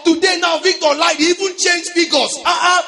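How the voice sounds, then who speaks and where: A preacher putting on a shrill, indignant Satan. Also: male voice, fairly even intonation, brisk, in a large hall, soft background music, heavily acted. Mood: indignant accusing. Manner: shouting, sing-song complaints.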